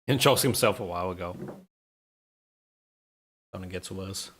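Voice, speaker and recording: Deep-voiced and a bit bright, a young gaming streamer with a vaguely Eastern European accent talks a little slowly. His casual live gameplay commentary is full of chatting, jokes, rambling and frequent laughter.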